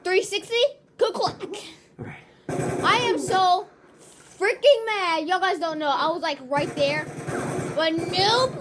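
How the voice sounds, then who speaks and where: A woman giving excited gameplay commentary, yelling loud reactions and trash talk at the game. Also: very high-pitched, takes it slowly, background noise.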